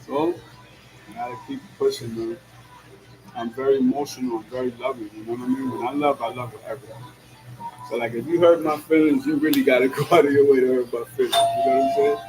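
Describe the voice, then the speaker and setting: Over background music, a man vlogs from behind the wheel, talking fast in a steady, mid-range voice. His casual monologue is slangy, sprinkled with "yo" and "you know what I'm saying," with frequent laughs between lines, and the audio is poor.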